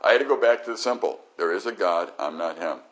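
An older man preaching a sermon, animated, swinging from loud exclamations to quiet, reflective stretches. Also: low voice, quick pace. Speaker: pastor. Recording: dull lo-fi recording.

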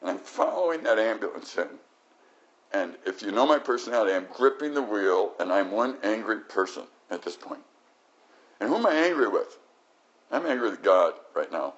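An older male pastor delivers a sermon in a low voice. He swings from loud, emphatic exclamations to quiet, reflective passages. The recording is dull and lo-fi. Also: very animated, normal speed.

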